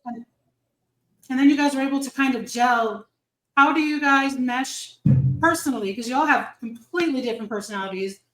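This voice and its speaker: High-voiced woman host, roomy sound. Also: a little fast, fairly bright tone. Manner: chatty and playful, laughs often. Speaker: podcast host. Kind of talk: casual interview chat.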